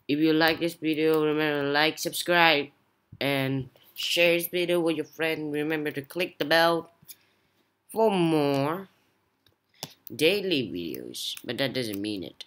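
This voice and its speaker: A woman narrates her gameplay in a very low voice that still carries a bright, forceful edge. She talks slowly and casually, then breaks into excited exclamations as things happen. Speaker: gaming YouTuber.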